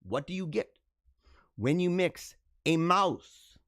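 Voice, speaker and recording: A male livestream host with a high voice that swings widely as he mocks and jokes, breaking into laughter at himself. The sound is dry and close to the mic, with no room around it. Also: expressive, takes it slowly, a bit bright, dry recording. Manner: mocking, theatrical, laughs at his own jokes. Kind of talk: casual live commentary.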